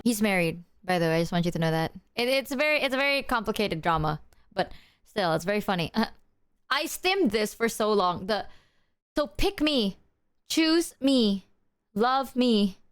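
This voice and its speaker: A young woman streaming casually, rambling and excitable, swearing freely as she chats. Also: mid-range voice, a little fast, smooth, soft background music. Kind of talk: casual livestream chat.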